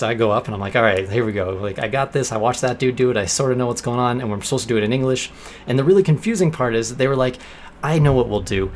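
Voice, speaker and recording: Animated young man telling a story. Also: medium pitch, a little hiss or hum. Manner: animated, acts out quoted lines in bursts. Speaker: vlogger. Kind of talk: casual storytelling vlog.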